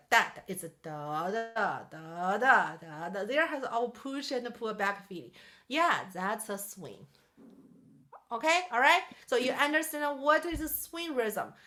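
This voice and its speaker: High-voiced woman teaching piano. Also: a bit bright. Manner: patient and explanatory, counts and sings rhythms aloud. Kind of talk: one-on-one music lesson.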